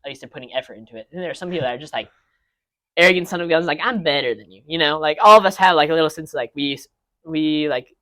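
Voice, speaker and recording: A man's voice: on the high side, sharp tone. Rambling young-sounding man ranting casually. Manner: rambling, many restarts and fillers. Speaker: podcast co-host. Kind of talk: casual rant among friends.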